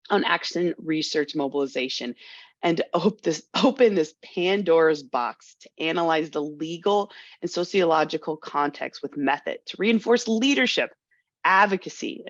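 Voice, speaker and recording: A woman hosting a video call panel, introducing a guest with frequent restarts and pauses. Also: low-pitched, dry recording. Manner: halting, restarts often. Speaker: host. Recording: dull dry video call audio.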